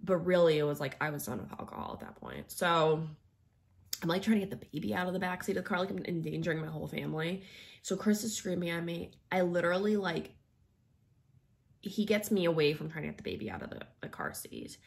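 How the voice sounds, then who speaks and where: A young woman tells a personal story, rambling loosely and leaning on filler words at every turn. Her voice sits low and carries a gravelly fry. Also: lively intonation, a little fast. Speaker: vlogger.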